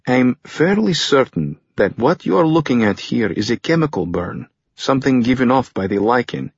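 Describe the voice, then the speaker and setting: A man's voice: mid-range voice, big pitch swings, breathy edge, no room sound, pitched above the performer's own voice. A male audiobook reader voicing a methodical older male scientist explaining his findings. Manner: measured, explanatory. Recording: dull lo-fi recording.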